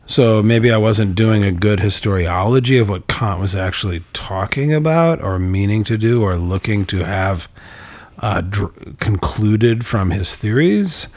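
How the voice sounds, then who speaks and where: Man, deep voice, casual talk, halting, lots of restarts and fillers. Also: expressive, darkish tone, no room sound. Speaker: discussion partner explaining a philosophy text. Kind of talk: casual philosophical discussion.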